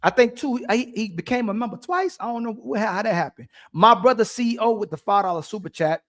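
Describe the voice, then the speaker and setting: A man's voice: sits high, fairly quick, hardly any pauses, a bit bright. A man hosting a podcast panel, pressing a guest with repeated questions. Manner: insistent, repeats questions over and over. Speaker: podcast host. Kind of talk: heated panel talk.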